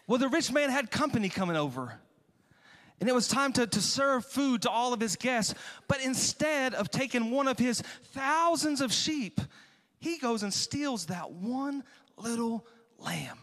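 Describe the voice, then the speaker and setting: A man's voice: very high voice, lively intonation, unhurried, fairly bright tone. A male pastor preaching a sermon, retelling a Bible story dramatically and acting out the quotes.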